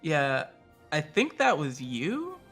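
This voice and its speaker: Bright-voiced, easygoing man. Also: fairly high pitch, wildly swooping pitch, slow pace, soft background music. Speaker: player. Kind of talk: casual game chat.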